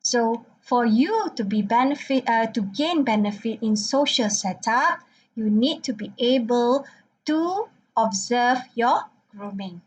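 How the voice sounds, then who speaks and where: A woman's voice: fairly high pitch, animated, takes it slowly, slightly rough, low-quality recording. A woman lecturer talking through her slides and checking in with "okay" again and again. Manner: frequent "okay" check-ins, non-native phrasing.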